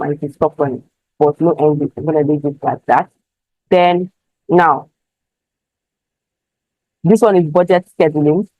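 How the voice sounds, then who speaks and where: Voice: medium pitch, dark tone, no room sound, low-quality recording. A speaker walking through an online ad setup step by step, often checking that the listener follows. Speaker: online marketing tutor. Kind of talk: screen-share tutorial.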